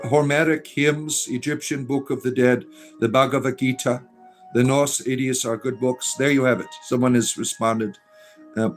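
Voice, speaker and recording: A middle-aged man hosting a casual livestream, reading viewer comments aloud and rambling with many fillers. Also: mid-range voice. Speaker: livestream host reading chat.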